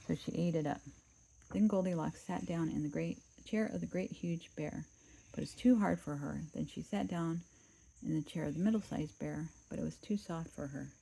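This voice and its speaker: A woman casually reading a children's storybook aloud, relaxed and chatty, dropping in asides and cutting the story short. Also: low-pitched, normal speed, vocal fry, breathy edge, rough recording.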